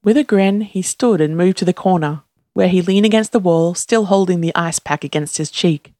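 A narrator reading a story aloud in a steady, even voice, doing every character themself. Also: mid-range voice, moderate pace, dry recording, clean studio sound. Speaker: audiobook narrator.

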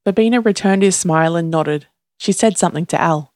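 A narrator reading a story aloud in a steady, even voice, doing every character themself. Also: medium pitch, brisk, no echo, studio quality. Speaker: audiobook narrator.

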